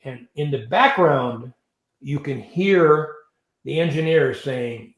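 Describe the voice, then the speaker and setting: An older man tells his stories at an even pitch, with a roomy echo around his voice. He is an interview guest who recounts events with energy and acts out the voices and sounds as he goes. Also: slow pace. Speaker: interview guest, retired navy pilot. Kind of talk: storytelling in an interview.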